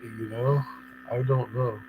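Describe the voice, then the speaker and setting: A man's voice: mid-range voice, steady tone, slow, darkish tone, slight background noise, rough recording. A man live-streaming an unscripted monologue, agitated, swearing and rambling. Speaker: livestreamer.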